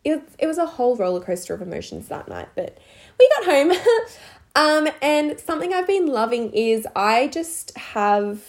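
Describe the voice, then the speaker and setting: A woman's voice: high-pitched, sing-song, normal speed. A young woman, co-hosting a casual chat and telling stories in a rambling way, full of "like"s and giggles. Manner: rambling storyteller, many "like"s, frequent giggles. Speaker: podcast co-host.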